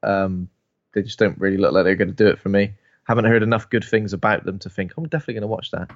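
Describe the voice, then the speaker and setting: A man co-hosting a podcast, chatting casually about shows and films, quick and full of restarts. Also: low-pitched, steady tone, dull audio. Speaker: podcast co-host.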